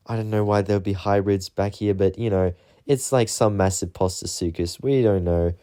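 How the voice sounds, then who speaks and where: Rambling low-voiced young man. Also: fairly even intonation, a little fast, mellow, clear, resonant tone. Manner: rambling, offhand, lots of fillers. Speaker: movie reviewer. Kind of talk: casual movie recap.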